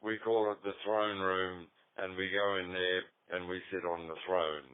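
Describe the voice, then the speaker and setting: A man's voice: low-pitched, little pitch movement, unhurried, clean tone, no room sound. An Australian man in his seventies chatting casually on a ham radio net, rambling through anecdotes with dry humor. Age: 70s. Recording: tinny dry radio transmission.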